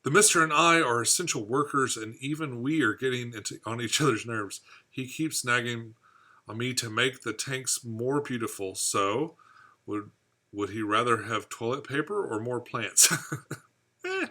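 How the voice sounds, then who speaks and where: Chatty bright-voiced man hosting a live stream. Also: mid-range voice, normal speed. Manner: rambling, chatty, laughs at own jokes. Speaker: fishkeeping channel host. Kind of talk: live stream chat reading viewer comments.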